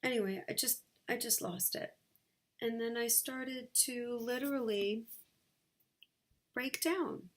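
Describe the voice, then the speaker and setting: A woman vlogging from her sunlit bedroom, sharing a personal story in a candid, halting way with many fillers. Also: on the high side.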